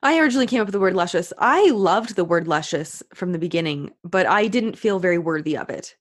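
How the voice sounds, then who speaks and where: A woman's voice: on the low side, animated, fast talker. Woman guest, casual chat, emphatic and enthusiastic, savors her words. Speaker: podcast guest.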